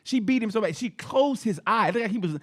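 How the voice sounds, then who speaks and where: A man co-hosting a casual podcast, telling stories in an animated way, acting out quotes and swearing freely. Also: sits high, fast talker. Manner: animated, acts out quotes, profane. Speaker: podcast co-host. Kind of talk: casual storytelling chat.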